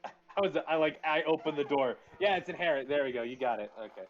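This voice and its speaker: A man's voice: on the high side, lively intonation, quick pace. A man chatting as a player in a tabletop game, joking and swearing freely. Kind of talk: casual tabletop game chat. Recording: dull lo-fi sound with faint music.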